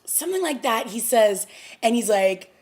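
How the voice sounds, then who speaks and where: A woman excitedly reviewing a TV episode in a casual vlog, stumbling over her words as she retells the scenes. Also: a little high, moderate pace. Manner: gushing and breathless, stumbling restarts.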